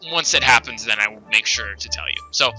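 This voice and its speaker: Bright-voiced rambling game commentator. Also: male voice, mid-range voice, a little fast, soft background music, poor audio. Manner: rambling, many fillers. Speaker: let's play host.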